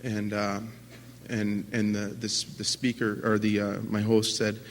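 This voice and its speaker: A man's voice: fairly low pitch, level tone. Earnest man speaking in an echoing hall. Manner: earnest and halting, with many restarts; swings from quiet to loud, impassioned. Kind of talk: personal recovery talk to an audience. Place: large conference hall at a convention. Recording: long hall reverb from a live talk.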